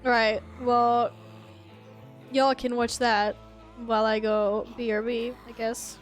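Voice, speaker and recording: A woman's voice: a little high, flat delivery, takes it slowly, soft background music. A woman streamer in casual chat, swearing, laughing and reading chat messages aloud.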